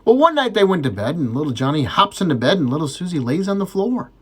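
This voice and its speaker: A man's voice: fairly high pitch, sing-song, fast talker. A man telling crude jokes in a casual way, bouncing into character voices and laughing at his own punchlines. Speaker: joke teller.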